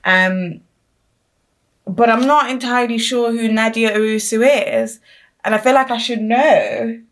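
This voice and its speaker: A woman's voice: fairly high pitch, expressive, a little slow. A young woman in her twenties chatting casually through a book unboxing vlog, trailing off with frequent ums and restarting her sentences. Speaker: book vlogger. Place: at home.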